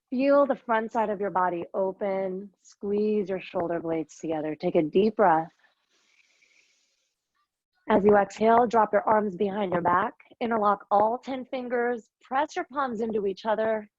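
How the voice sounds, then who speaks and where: A woman leading a yoga class, giving firm, steady cues with bits of encouragement. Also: mid-range voice, no room sound, muffled recording. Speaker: yoga instructor. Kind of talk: live class instruction.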